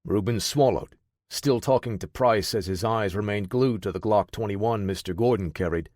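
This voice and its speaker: A man narrating an audiobook thriller in a steady, measured way. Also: fairly low pitch, no echo, studio quality.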